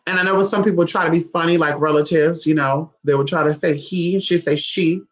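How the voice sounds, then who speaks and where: A woman vlogger telling a story in a sassy, profane, animated way, calling her viewers honey and girl. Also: brisk, reverberant, rough recording. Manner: dramatic swoops in pitch. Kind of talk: casual storytime monologue.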